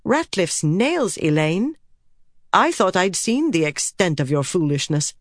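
A woman's voice: on the low side, very animated, unhurried, no room sound, studio quality. A woman voicing a blunt female archer who scolds in a snappish way. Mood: scolding.

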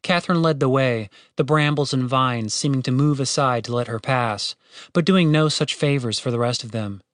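A man narrating a fantasy audiobook in a steady, wry storytelling way, with casual swearing. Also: medium pitch, moderate pace, no echo, studio quality.

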